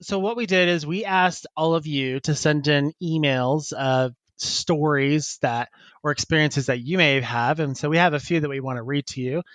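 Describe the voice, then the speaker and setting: Male podcast co-host, slightly high, giggly and rambling, dry close-miked sound. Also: normal speed, a bit bright, no room sound. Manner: laughs often, chatty and rambling. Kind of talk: casual chat, reading listener emails.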